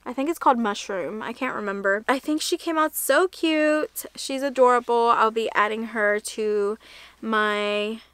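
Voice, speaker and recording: A woman's voice: on the high side, a little slow, fairly bright tone, clear, resonant tone, no echo. A young woman chatting casually in a crochet vlog, rambling and correcting herself as she shows her projects. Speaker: crochet vlogger. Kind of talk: casual show-and-tell vlog.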